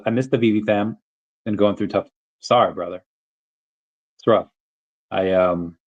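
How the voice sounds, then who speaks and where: A man's voice: fairly low pitch, lo-fi sound. A man hosting a casual crypto livestream, rambling with many fillers and restarts and chatting with viewers. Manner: rambling, many fillers and restarts, bursts into shouted movie-quote impressions. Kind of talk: casual livestream chat, reading chat comments.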